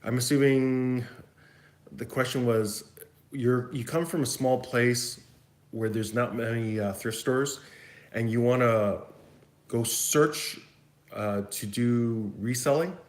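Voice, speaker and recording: Brief: Canadian man, West Coast accent, mid-pitched, rambling and chatty, taking viewer questions in an echoey room. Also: slow. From Vancouver, Canada. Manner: rambling, chatty, thinks aloud. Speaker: YouTube host answering viewer questions. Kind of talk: casual livestream Q&A.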